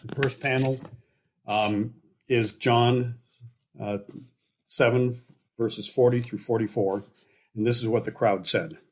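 A man teaching a Bible passage in a relaxed, conversational way, often checking in with his listeners with asides. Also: medium pitch, slow, long pauses. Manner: relaxed, explaining with frequent okays and asides.

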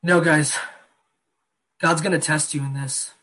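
A man preaching a sermon, earnest, slowing down and dropping soft on key phrases. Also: on the high side, steady tone. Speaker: pastor.

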